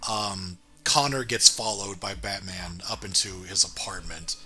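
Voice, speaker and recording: A man's voice: low voice, steady tone, unhurried, bright, forceful tone. A man in casual chat, recapping cartoon episodes and acting out quoted lines, with many fillers. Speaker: podcast co-host reviewing a cartoon.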